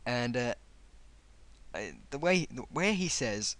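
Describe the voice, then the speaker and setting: A man's voice: medium pitch, animated, slow pace, fairly bright tone, no room sound. A young man casually reading out an online comment argument and answering it with sarcastic, mocking remarks.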